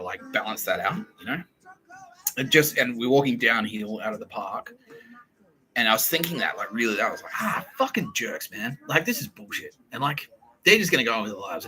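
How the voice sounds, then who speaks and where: Animated profane Australian man. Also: on the low side, quick pace, poor audio. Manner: profane, animated, acts out quoted voices. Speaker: podcast host. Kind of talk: comedic storytelling.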